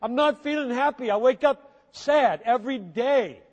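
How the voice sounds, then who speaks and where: Impassioned high-voiced male preacher in a hall. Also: moderate pace, dull audio. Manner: impassioned, swinging between quiet and loud emphasis. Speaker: pastor. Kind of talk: sermon. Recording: long hall reverb.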